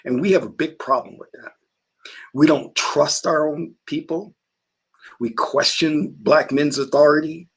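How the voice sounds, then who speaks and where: A man's voice: a little high, fairly even intonation, a little slow, slightly rough. A man hosting a casual talk stream, telling stories in an emphatic way. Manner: emphatic storytelling. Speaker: host.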